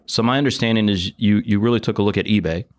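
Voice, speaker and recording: A man hosting an interview, joking, energetic and blunt. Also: lowish voice, fast talker. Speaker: podcast host. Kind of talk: casual interview conversation.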